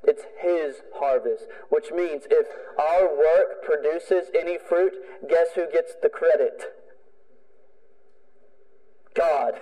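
A male pastor delivering a sermon with emphatic, repetitive phrasing. His voice sits a bit high but sounds mellow and dark. It rings out with a long hall reverb, as in a church sanctuary. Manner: emphatic preaching with repeated phrases.

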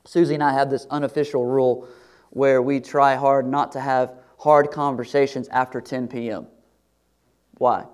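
A middle-aged man preaching a sermon to his congregation in a conversational way, sometimes dropping to a soft, confiding tone. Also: mid-range voice, flat delivery, moderate pace, clean tone. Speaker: pastor.

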